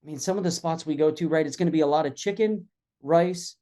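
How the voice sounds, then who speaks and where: Easygoing guy on a podcast, mellow dark voice, just chatting. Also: fairly high pitch, fast talker. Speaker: guest from a wrestling federation. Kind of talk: casual podcast chat.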